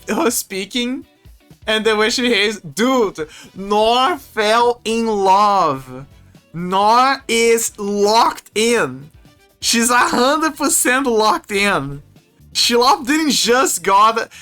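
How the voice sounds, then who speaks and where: A man streaming, chatting casually in a rambling, animated way with frequent restarts and laughs. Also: very high voice. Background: faint music.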